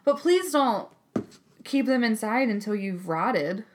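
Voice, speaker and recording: Slow and fairly high-pitched, a twenty-something grad student co-hosts a podcast over slight background noise. Her casual talk is energetic, peppered with swearing and acted-out quoted voices.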